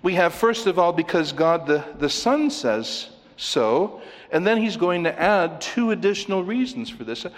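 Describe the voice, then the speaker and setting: A man's voice: high-pitched, big pitch swings, unhurried. A man preaching an expository sermon in an earnest, explaining way, asking rhetorical questions as he goes through a passage. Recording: long hall reverb.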